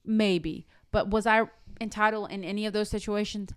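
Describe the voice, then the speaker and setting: A woman's voice: mid-range voice, fairly even intonation, normal speed, smooth, no echo, studio quality. A woman co-hosting a podcast, telling stories bluntly and sassily and cursing freely in casual chat. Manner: blunt, sassy storyteller who curses freely. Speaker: podcast co-host.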